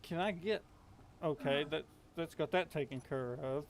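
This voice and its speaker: A man's voice: fairly high pitch, normal speed, slight background noise. A young man from Kentucky with a Southern accent, chatting casually while streaming a game, rambling with lots of fillers. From Appalachian Kentucky, US. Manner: rambling, filler-heavy, drawling. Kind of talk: casual gameplay chat.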